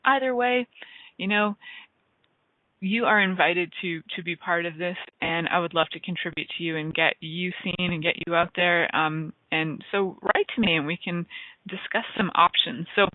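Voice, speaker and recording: A woman with a lowish voice hosts a radio show at normal speed, talking loosely and enthusiastically, drifting into tangents and catching herself. The sound is dry with no room echo and comes through a narrow, tinny, phone-call-like line.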